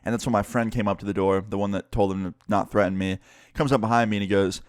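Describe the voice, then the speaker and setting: Young man, low-voiced casual storyteller. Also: fast talker, clean tone, no echo, studio quality. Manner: casual, profane, animated storytelling. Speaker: vlogger and musician. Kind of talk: storytime vlog narration.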